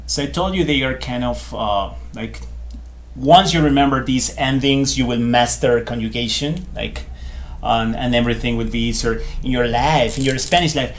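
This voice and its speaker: A man teaching a beginner Spanish grammar lesson in a chatty, loose way, full of fillers and repeated phrases. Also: mid-range voice. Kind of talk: casual whiteboard lesson.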